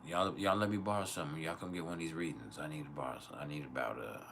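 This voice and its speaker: A man's voice: extremely low pitch, fast, vocal fry, very noisy. A man hosting an astrology livestream Q&A from home, talking in loose, profane, rambling rants with laughs. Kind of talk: casual livestream chat and Q&A.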